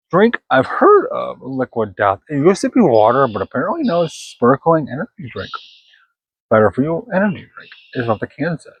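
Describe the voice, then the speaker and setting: A man's voice: medium pitch, slightly rough, dry recording, lo-fi sound. A man rambling casually through a drink taste test, chatty and a bit self-conscious, recorded outdoors in the cold.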